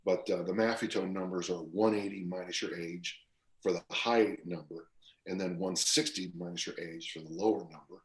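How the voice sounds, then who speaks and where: A man in his sixties, speaking as a guest on a podcast. His voice sits very low, and he wanders through anecdotes with plenty of fillers and restarts. The recording carries a roomy echo. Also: fairly even intonation, moderate pace. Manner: rambling storyteller with fillers and restarts. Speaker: guest strength coach. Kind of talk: casual podcast interview.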